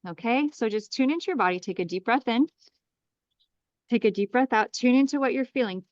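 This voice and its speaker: A woman astrologer leading a live group energy clearing, guiding breaths and chanting soothing, commanding incantations. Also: on the high side, lively intonation, brisk, dry recording, dull audio. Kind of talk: guided energy clearing meditation.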